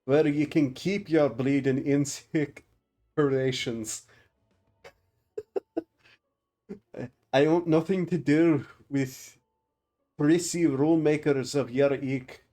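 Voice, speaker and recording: A man's voice: medium pitch, steady tone, takes it slowly, mellow, faint music behind, close to an everyday voice. A man putting on a coarse drunken craftsman. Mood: contemptuous. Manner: coarse, insulting, put-on rough accent. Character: crude, hard-drinking male craftsman, scornful of the rich.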